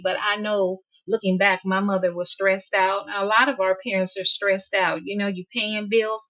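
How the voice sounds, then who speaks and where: A woman's voice: medium pitch, level tone, moderate pace, hardly any pauses, a bit bright, highs cut off. A woman in her fifties hosting a casual livestream, talking candidly and emphatically, often laughing mid-sentence. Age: 50s. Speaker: livestream host. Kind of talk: casual livestream talk reading chat.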